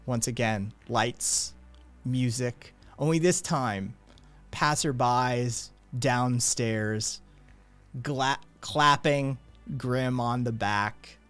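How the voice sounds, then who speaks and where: Male game master, slow and measured narration, light music in the background. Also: medium pitch, a bit bright, clean tone.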